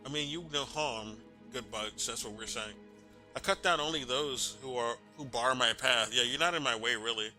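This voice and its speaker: A man reading the lines of a calm young woman warrior in a plain, measured way while playing a game. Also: mid-range voice, faint music behind. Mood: steady. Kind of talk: reading game dialogue aloud.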